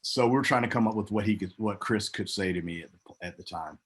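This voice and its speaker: A man with a fairly low voice tells a long backstage story in a relaxed interview. He is middle-aged and animated. He jumps high in pitch whenever he acts out what someone else said. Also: fairly quick, breathy edge. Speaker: guest, former pro wrestler.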